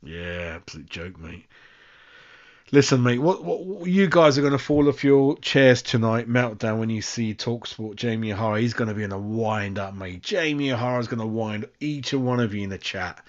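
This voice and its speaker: A man's voice: mid-range voice, normal speed, muffled recording. A man hosting a fan live stream, rambling casually and calling everyone mate. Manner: chatty, rambling, says mate constantly. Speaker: fan channel host.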